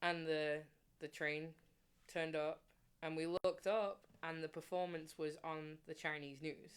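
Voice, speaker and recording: A woman's voice: deep voice, measured pace, smooth. A woman, a guest musician, telling stories in a casual chat and laughing often. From England. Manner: animated storyteller, laughs often.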